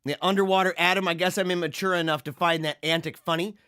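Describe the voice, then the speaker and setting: A man hosting a casual livestream, reading viewer comments and chatting in an animated, laughing way. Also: sits high, smooth, no room sound, studio quality. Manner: animated, laughing, drawn-out slang. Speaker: livestream host.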